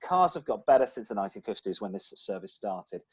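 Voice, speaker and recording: A man's voice: fairly low pitch, big pitch swings, a little fast, husky. A man co-hosting a casual podcast, talking in a chatty, rambling way with frequent restarts. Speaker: podcast co-host. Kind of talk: casual chat.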